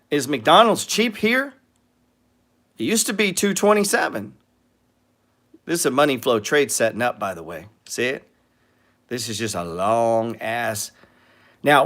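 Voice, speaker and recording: A man's voice: mid-range voice, a bit bright. A man hosting a trading show, talking bluntly with frequent swearing and acting out what other people say. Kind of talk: profane ranting talk on trading.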